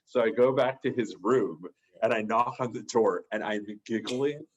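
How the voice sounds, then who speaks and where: A man's voice: lowish voice, normal speed, lo-fi sound, a little hiss or hum. A man, a therapist, telling a personal story in a casual, rambling way with many restarts. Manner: rambling, full of restarts and fillers. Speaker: podcast guest, therapist.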